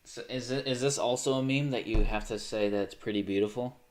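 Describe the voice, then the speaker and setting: A man streaming live, commenting on his own game, swearing and bursting into panic between low, self-critical mutters. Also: steady tone, a little fast.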